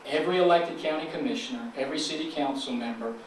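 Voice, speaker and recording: A man's voice: fairly high pitch, fast, recorded from a distance, slight background noise. Southern man speaking in an echoey hall. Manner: folksy, joking with the audience, preacher-like call and response. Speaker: chamber of commerce president, keynote speaker. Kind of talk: folksy conference speech. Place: large conference hall.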